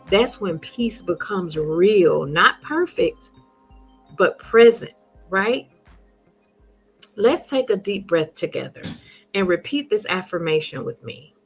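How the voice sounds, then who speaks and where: A woman hosting an inspirational talk, speaking gently and encouragingly straight to her listeners. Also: medium pitch, husky. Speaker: host.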